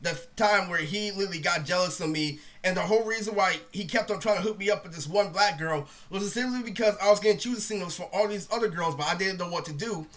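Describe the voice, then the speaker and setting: Fast, bright-voiced young man ranting. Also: high voice. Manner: profane, rambling, says "literally" constantly. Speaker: vlogger. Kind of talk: casual storytime rant.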